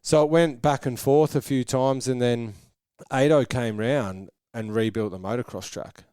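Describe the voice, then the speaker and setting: An Australian man in his thirties, a track builder, is the guest on a casual podcast interview, telling long rambling stories and voicing what people said. His medium-pitched, dark, clean voice is unhurried, recorded in studio quality with no room sound.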